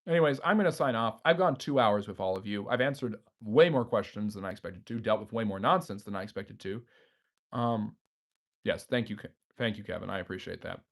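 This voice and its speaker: A man's voice: on the low side, a little fast. A man hosting a history live stream, reading viewers' chat messages aloud and answering them off the cuff with frequent fillers. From United States.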